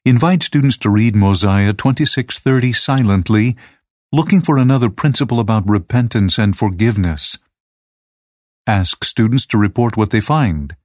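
A man reading aloud a teacher's lesson manual in a measured, even, scripted way. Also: fairly low pitch, dry recording, studio quality.

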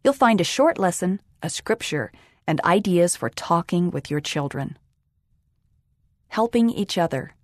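A woman reads a children's magazine aloud in a calm, even way. Her voice sits fairly low for a woman. The recording is dry and close. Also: a little slow, no echo. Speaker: magazine reader. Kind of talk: scripted audio magazine reading.

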